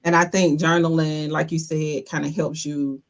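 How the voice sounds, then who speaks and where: Relaxed, low-pitched woman host chatting. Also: moderate pace. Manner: laughs often, loose and conversational. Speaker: podcast host. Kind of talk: casual chat.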